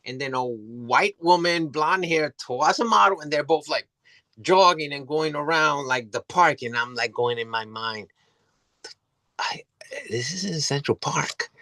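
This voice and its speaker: A man's voice: fairly high pitch, unhurried, pushed and bright, no room sound. A man telling a story as an interview guest, rambling, restarting often and swearing freely. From New York City.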